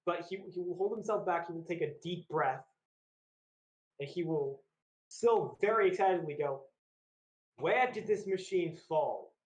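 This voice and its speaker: A man's voice: on the high side, moderate pace, pauses often. A man playing in a tabletop role-playing game, describing what his character does in the third person. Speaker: player. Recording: echoey room.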